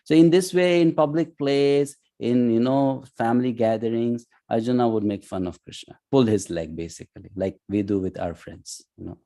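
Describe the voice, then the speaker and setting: A man teaching an online scripture class, talking conversationally with frequent "you know" and "hmm", and chanting verses slowly. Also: mid-range voice, steady tone, dark tone. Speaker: course teacher. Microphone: online class audio.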